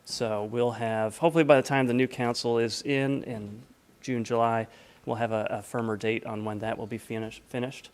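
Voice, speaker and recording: A man presenting a housing project update to a town council, relaxed and informal with many filler sounds. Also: medium pitch, moderate pace. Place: council chamber.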